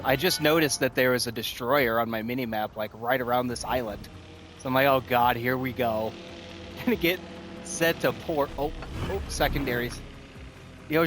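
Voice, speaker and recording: A medium-pitched gaming streamer narrates his own gameplay with excited, casual energy. Breathless and laughing often, he keeps talking to himself as the action swings.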